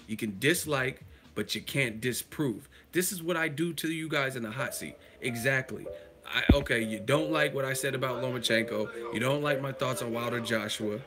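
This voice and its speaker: A man's voice: mid-range voice, fairly bright tone. A man from the United States hosting a live stream, ranting emphatically with profanity and rhetorical questions. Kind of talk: casual live-stream commentary.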